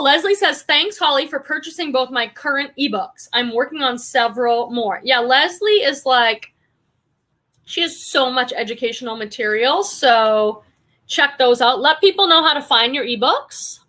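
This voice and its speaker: A woman's voice: high-pitched, sharp tone. A woman in her forties hosting a reselling livestream, chatting casually and reading viewer comments aloud with effusive enthusiasm. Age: 40s.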